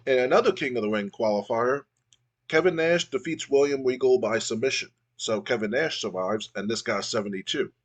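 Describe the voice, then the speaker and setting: A man's voice: mid-range voice, brisk. Casual rambling man narrating a game. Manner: rambling, with many fillers and restarts.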